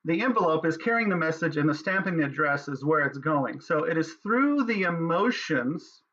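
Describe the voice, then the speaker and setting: A man giving a spiritual teaching talk in an earnest, measured way, with pauses and fillers. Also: fairly high pitch, expressive, a bit bright, slight background noise. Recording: dull lo-fi sound.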